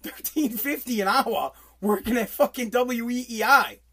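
Brief: forties New guy, radio regular, blunt profane rant, swings loud. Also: extremely high pitch, a little slow. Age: 40s. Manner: profane, blunt, loud bursts when riled. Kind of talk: casual rant.

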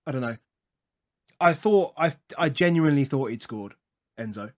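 A man's voice: medium pitch, animated, normal speed. Hesitant man talking football. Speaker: podcast co-host. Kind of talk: casual football chat.

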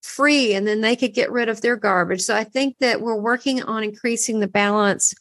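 A woman in a casual spiritual conversation, telling a personal story with lively, swooping delivery. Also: normal speed, no room sound. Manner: animated storytelling, swooping pitch.

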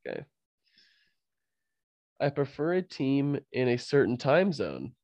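A man hosting a laid-back sports podcast, with a cold. He laughs a lot and trips over his sentences as he rambles. His voice sits at a middle pitch and sounds close and dry. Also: sing-song, slow pace, a little mellow, no echo, muffled recording. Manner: laughs often, rambling with restarts. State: fighting a cold. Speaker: podcast host. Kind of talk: casual sports podcast chat.

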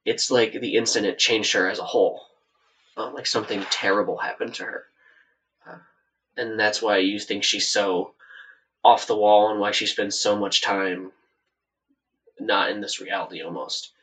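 A soft-spoken man narrates a tabletop game as game master. His voice sits on the low side, and he wanders through the story. The mic catches him from a little way off. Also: fairly even intonation, normal speed, long pauses, recorded from a distance, low-quality recording. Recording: voice set back from the mic.

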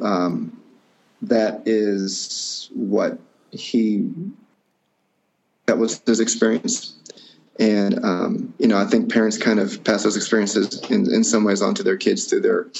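A man telling a personal story in conversation, halting and reflective with many fillers and restarts. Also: lowish voice, little pitch movement, gravelly, darkish tone. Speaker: guest. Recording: dull lo-fi recording.

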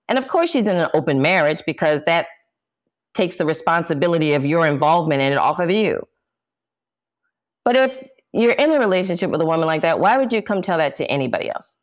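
Low-pitched woman guest, intense and indignant, retelling her own ordeal in an interview. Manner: intense, indignant, quotes herself forcefully. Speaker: interview guest, jazz singer. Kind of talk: emotional personal account.

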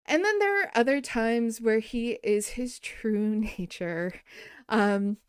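A woman hosting a podcast, chatting casually and telling animated stories with frequent laughter. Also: on the high side, slow, smooth, no room sound, studio quality. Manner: animated storyteller, laughs often. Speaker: podcast host.

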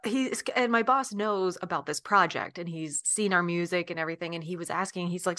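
A young adult woman co-hosting a podcast in casual chat, relaxed and agreeable, often backchanneling. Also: on the low side, a little fast, few pauses, no room sound, studio quality. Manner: relaxed, agreeable, many fillers like yeah and mm-hmm. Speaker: podcast co-host.

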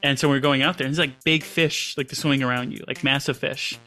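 A man with a bright, forceful voice co-hosting a relaxed podcast chat. He rambles freely and fills his talk with "like" and "you know," with faint music underneath. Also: mid-range voice, fast. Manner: rambling, lots of likes. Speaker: podcast co-host. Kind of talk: casual chat.

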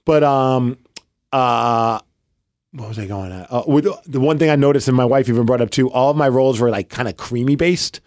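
A man's voice: medium pitch, normal speed, a little mellow, no room sound, clean studio sound. A man in his thirties co-hosting a podcast, telling stories in a rambling casual way with lots of fillers. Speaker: podcast co-host. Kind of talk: casual chat.

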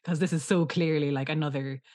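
A woman's voice: low voice, steady tone, brisk, darkish tone. A woman, co-hosting a podcast and chatting casually through a TV episode recap, laughing often and using "like" a lot. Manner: laughing often, lots of "like" fillers. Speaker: podcast co-host.

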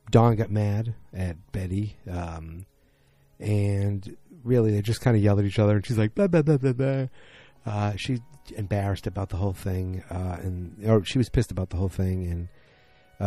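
A man's voice: on the low side, warm tone, dry recording. A tired man recapping a TV episode late at night in a casual, rambling way, full of fillers and restarts.

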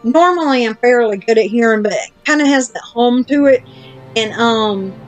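A woman's voice: on the high side, lively intonation, moderate pace, soft background music. A woman podcast host telling a long story in casual chat, blunt and self-deprecating, with casual swearing.

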